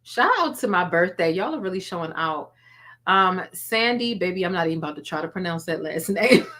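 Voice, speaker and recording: Bright-voiced chatty woman streamer. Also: lowish voice, animated, fairly quick. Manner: chatty, thanks viewers for donations and memberships by name; laughs often, playful teasing. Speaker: YouTube livestream host. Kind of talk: casual live-stream commentary.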